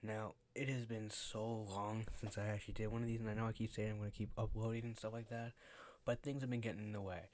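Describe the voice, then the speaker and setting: A man's voice: on the low side, little pitch movement, fast talker, darkish tone. A teenage boy telling a story in a casual vlog, rambling and swearing often, with lots of fillers. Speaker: vlogger.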